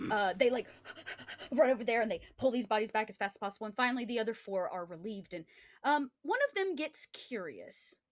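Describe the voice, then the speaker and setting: A woman's voice: mid-range voice, no echo, studio quality. A woman narrating as game master in a tabletop game, in a loose, filler-heavy style.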